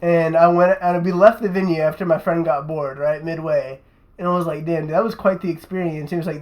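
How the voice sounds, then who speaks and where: A man's voice: a little high, fairly even intonation, brisk, darkish tone, poor audio. A young man, a podcast host, telling a rambling, profane story in casual chat and tacking "right?" onto his sentences.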